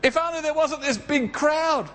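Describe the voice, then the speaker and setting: A preacher putting on a frantic father who begs again and again to hurry, his voice lifted well above its usual pitch. He sounds anxious and full of regret. Each plea circles back on itself. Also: normal speed, pushed and bright, big-room sound. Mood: regretful. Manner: pleading, anxious repetition. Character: desperate grieving father, middle-aged man.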